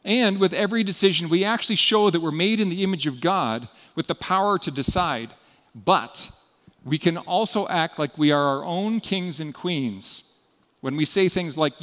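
A man's voice: on the high side, normal speed, fairly bright tone, long reverb tail. A man preaching a sermon as a pastor, in an earnest, conversational way.

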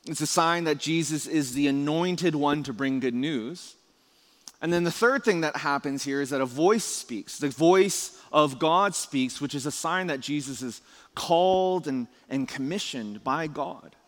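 A man's voice: fairly high pitch, unhurried. Chatty preacher man in an echoing hall. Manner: chatty with many restarts and rhetorical questions. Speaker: pastor. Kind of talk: conversational sermon. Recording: long reverb of a large hall.

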